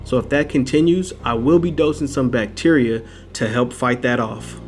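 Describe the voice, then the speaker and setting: A man's voice: mid-range voice, normal speed, soft background music. Upbeat man narrating a hobby vlog. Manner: upbeat and playful, slangy sign-off. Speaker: aquarium hobbyist vlogger. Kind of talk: casual voice-over narration.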